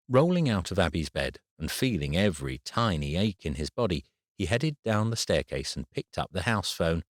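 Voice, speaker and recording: A man narrates a scripted audiobook in a steady, even storytelling manner. His voice is low at a normal speed, with a dry, clean studio recording.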